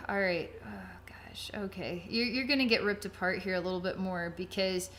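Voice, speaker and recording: A woman's voice: fairly low pitch, animated, normal speed, a bit bright, slight background noise. A woman giving a psychic healing reading, vivid and dramatic, thinking aloud with frequent restarts. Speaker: psychic reader.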